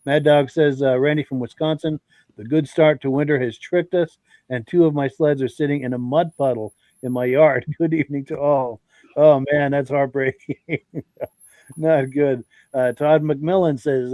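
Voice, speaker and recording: A man's voice: medium pitch, warm tone, dry recording, low-quality recording. Congested man hosting a folksy podcast. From Vermont. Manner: friendly, folksy, greets viewers by name. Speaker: podcast host. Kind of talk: live-stream podcast chat reading viewer comments.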